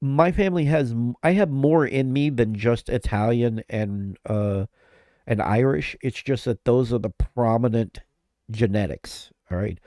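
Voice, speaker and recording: A man with a mellow, relaxed voice chats on a live stream while he is sick with flu-like symptoms. He rambles, breaks off mid-sentence and laughs a lot. The sound is dry and close, with no room echo. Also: medium pitch, measured pace. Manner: rambling, self-interrupting, laughs often. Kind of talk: casual live-stream chat.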